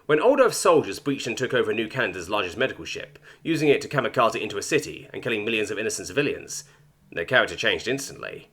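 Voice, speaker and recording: Expressive male storyteller with a husky voice. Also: on the low side, fast talker. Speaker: story narrator. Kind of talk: scripted narration.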